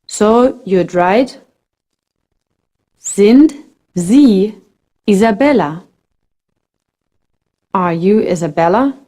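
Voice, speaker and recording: A woman teaching a scripted language lesson at a very slow, deliberate pace. Her voice is mellow and warm, and her pitch moves a lot as she models each phrase with careful enunciation. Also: lively intonation.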